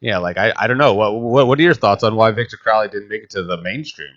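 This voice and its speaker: A man's voice: fairly low pitch, fast, fairly bright tone. A man hosting a casual podcast, talking loosely and repeating himself. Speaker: podcast host. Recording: slightly muffled audio.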